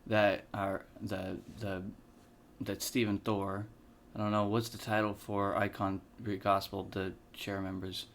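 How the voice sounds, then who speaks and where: A man co-hosting a podcast, talking casually with many pauses and restarts. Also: lowish voice, little pitch movement, slight background noise. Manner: hesitant, many fillers and restarts. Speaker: podcast co-host. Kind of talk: casual conversation.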